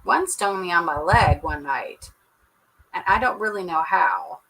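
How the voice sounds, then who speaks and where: A woman's voice: fairly low pitch, animated, unhurried, fairly bright tone, slight background noise, poor audio. A woman chatting casually with viewers on a home livestream, laughing often and saying "y'all". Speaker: livestream host. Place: at home indoors. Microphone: computer webcam mic.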